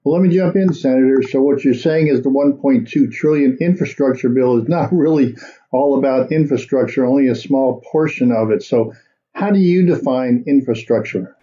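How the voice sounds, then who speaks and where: A man hosts a political commentary show, speaking in a loose, rambling way. His voice is very dark and mellow, and the recording sounds dull and lo-fi. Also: medium pitch, moderate pace. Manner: rambling, unscripted, with fillers. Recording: dull lo-fi audio.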